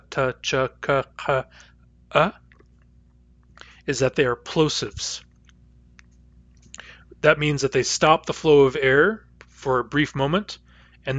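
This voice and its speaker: Male instructor, patient phonetics lecture, mid-pitched, dry close sound, models each sound aloud. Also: a bit bright, dry recording. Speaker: language teacher.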